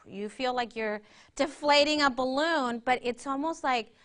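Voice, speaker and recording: A woman's voice: high voice, expressive, a little slow, long pauses, fairly bright tone, slight background noise. A woman presenting a workshop, guiding a breathing exercise and teaching in a conversational way, often checking in with her listeners. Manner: interactive, keeps checking in with "right?".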